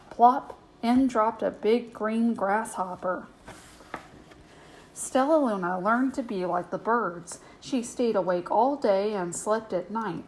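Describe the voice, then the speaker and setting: A woman's voice: medium pitch, poor audio. A woman hosting a weekly show, reading a children's picture book aloud as a bedtime story. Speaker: storybook reader, host.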